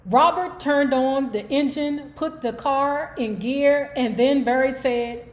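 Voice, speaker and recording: A woman's voice: sits high, takes it slowly, few pauses. A woman hosting an online book club, reading a memoir aloud and breaking off for sassy, profane commentary to her viewers.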